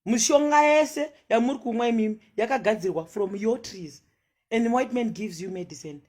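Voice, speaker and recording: A woman's voice: fairly low pitch, a little mellow, slightly rough. A woman giving a passionate monologue of social commentary, firing off rhetorical questions and switching between English and Shona.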